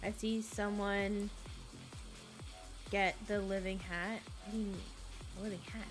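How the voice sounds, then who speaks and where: A woman's voice: medium pitch, little pitch movement, measured pace, music in the background. A young woman chatting casually and giggling as she streams a farming game. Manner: chatty, giggly, easily distracted. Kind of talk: casual gaming livestream chat.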